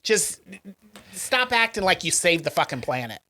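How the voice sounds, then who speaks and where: Male co-host, snarky and profane, bright voice. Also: a little high, very animated, normal speed. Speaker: podcast co-host. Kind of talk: casual chat.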